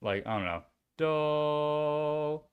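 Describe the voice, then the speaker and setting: A young man chatting casually as a streamer, excitable and swearing freely. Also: mid-range voice, normal speed, phone-quality sound. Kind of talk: casual chat.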